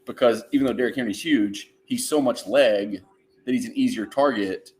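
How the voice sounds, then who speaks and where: A man's voice: medium pitch, normal speed. A man hosting a football watch-along livestream, chatting casually about the plays and reading out chat messages. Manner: relaxed play-by-play banter, reads chat aloud.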